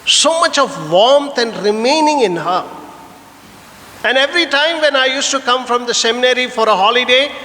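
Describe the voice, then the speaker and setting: A man's voice: very high-pitched, lively intonation, moderate pace, sharp tone. Sex: man. Role: priest. Style: sermon in a church hall. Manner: earnest preaching with rhetorical questions and a personal anecdote. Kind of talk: Sunday homily.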